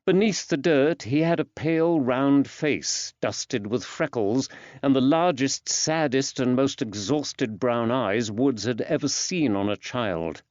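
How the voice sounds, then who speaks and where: A man narrating an audiobook in a measured, even storytelling delivery. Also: medium pitch, no room sound. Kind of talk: scripted narration. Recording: dull dry studio sound.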